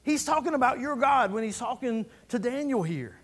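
A man's voice: very high-pitched, big pitch swings, normal speed, hardly any pauses, a bit bright. A man preaching a sermon as pastor, fervent and building through repeated phrases.

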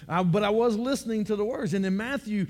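A man preaches to his congregation in a loose, conversational way, doubling back on words as he pushes toward each point. His voice sits notably high for a man. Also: fast, darkish tone. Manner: conversational, repeats words while building points. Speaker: pastor. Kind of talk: sermon.

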